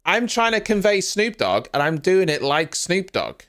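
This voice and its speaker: Male live-stream host, casual reaction chat, rambling and self-mocking, pitch swinging up and down a lot. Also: big pitch swings, moderate pace, a bit bright.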